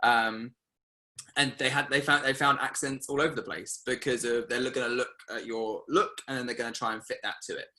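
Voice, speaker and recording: A man's voice: mid-range voice, steady tone, fairly quick, bright, forceful tone. A young British man speaking animatedly with many fillers, hosting a casual panel discussion. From Britain.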